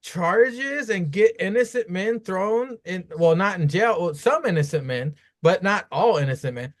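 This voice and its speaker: A man's voice: high-pitched, lively intonation, a little slow, no room sound. A man co-hosting a casual wrestling talk show, mostly chiming in with short reactions and questions. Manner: laid-back, mostly brief reactions and questions. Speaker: podcast co-host. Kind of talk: casual comedic chat.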